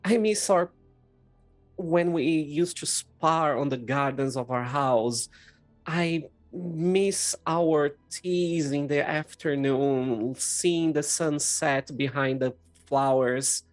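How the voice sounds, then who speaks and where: A woman giving voice to a young lord, earnest and sentimental as he speaks to his sister. the voice is extremely low and slow, with a dry, close sound. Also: no room sound, faint music behind. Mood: affectionate. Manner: warm-hearted, sentimental, earnest. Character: young nobleman lord, affectionate older brother.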